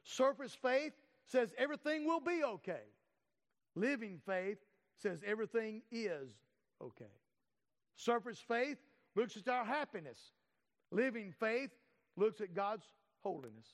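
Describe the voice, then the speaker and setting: High-voiced preacher in a reverberant hall. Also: male voice, very animated. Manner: emphatic preaching with drawn-out, stressed words. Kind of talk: sermon. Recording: long reverb of a large hall.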